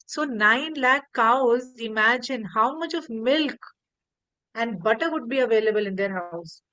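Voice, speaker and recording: A woman tells a devotional story on a video call, animated and acting out the characters' lines. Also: fairly high pitch, a little slow, dry recording, dull audio.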